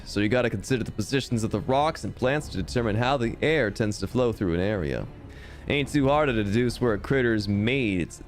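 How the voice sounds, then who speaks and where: A streamer voicing a gruff middle-aged frontier monster-hunter man in a slow, lowered, put-on American Western drawl, over faint game music. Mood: wry.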